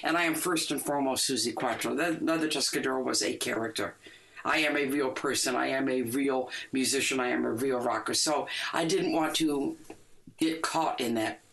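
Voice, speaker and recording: Gravelly older woman rocker. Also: rumbling low, moderate pace, low-quality recording. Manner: animated, laughs often, acts out quoted dialogue. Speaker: rock musician guest. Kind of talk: casual interview storytelling.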